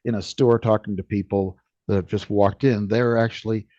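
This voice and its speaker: A man co-hosting a business podcast, talking casually and haltingly, often restarting his sentences. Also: on the low side, steady tone, mellow, dry recording. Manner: halting, many restarts and fillers. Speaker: podcast co-host. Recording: slightly dull lo-fi sound.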